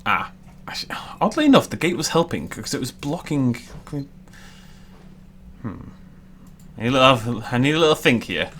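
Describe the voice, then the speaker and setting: A man's voice: mid-range voice, expressive, normal speed, long pauses, a bit bright. A young man talks his way through a building game in a casual, chatty voice. He rambles, jokes at his own expense and throws in silly asides. There is a faint hiss of noise behind him. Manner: chatty, self-deprecating, jokey asides. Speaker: gaming YouTuber. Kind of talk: casual let's-play commentary.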